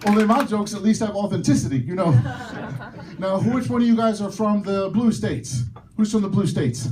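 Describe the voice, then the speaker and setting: A man's voice: sits high, big pitch swings, fairly quick, very noisy. Male stand-up comic, self-mocking crowd worker, slightly distant mic. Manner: loud crowd work, self-mocking punchlines. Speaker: stand-up comedian. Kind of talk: stand-up comedy set. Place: comedy club stage.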